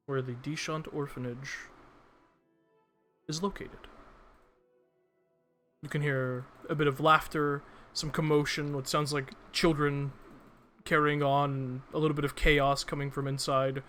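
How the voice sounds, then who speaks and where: Man, game master, bright voice, slightly high, measured narration, faint music behind.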